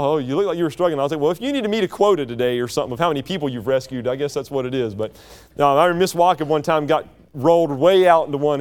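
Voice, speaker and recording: High-voiced folksy preacher man. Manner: folksy, anecdotal, voice rising on emphatic lines. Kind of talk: sermon.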